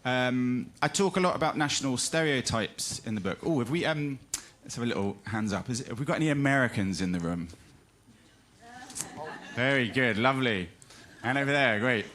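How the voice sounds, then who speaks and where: A man's voice: mid-range voice, animated, normal speed, a bit bright. Chatty British man giving a live talk. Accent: British English. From Britain. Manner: chatty, self-deprecating, many fillers and restarts. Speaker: speaker. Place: room with a live audience.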